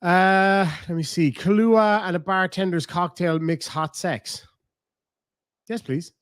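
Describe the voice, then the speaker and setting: A man's voice: sits high, steady tone, takes it slowly, fairly bright tone, clean tone, no room sound. Rambling Cork Irish man, dry close sound. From Ireland. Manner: rambling, swears freely, thinks aloud. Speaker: streamer. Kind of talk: casual live-stream chat.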